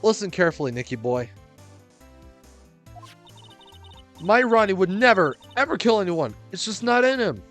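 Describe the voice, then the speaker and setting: A man's voice: sits high, sing-song, quick pace, a bit bright, soft background music, pitched above the performer's own voice. A man voicing a dramatic, devoted wife in a game, with a theatrical, swooning manner. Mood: insistent. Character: gushing devoted middle-aged wife, dramatic, easily offended.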